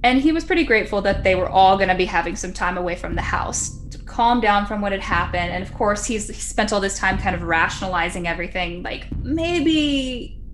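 Woman podcaster narrating a creepy tale in a relaxed, chatty way, mid-pitched voice over a faint hiss of background noise. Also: quick pace, few pauses. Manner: chatty, laughs often, acts out quotes. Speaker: podcast storyteller. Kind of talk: casual storytelling.

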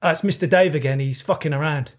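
A man's voice: a little high, fast. A man telling a long, rambling story in casual podcast banter, swearing freely.

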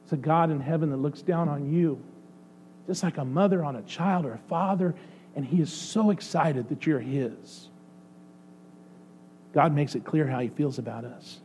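A male pastor preaching a sermon, swinging between excited outbursts and soft, hushed passages. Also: on the high side, moderate pace, long pauses. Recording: faint mains hum. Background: faint electrical hum.

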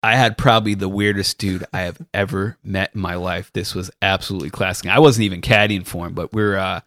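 A man's voice: deep voice, fairly even intonation, brisk, a bit bright, dry recording, clean studio sound. A man co-hosting a caddie podcast, telling a long story in casual chat, mimicking the people he describes and laughing often.

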